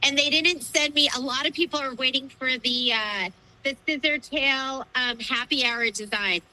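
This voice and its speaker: Woman, high-pitched, sharp bright tone, casual chatty livestream co-host. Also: normal speed, low-quality recording. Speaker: shop co-owner and livestream host.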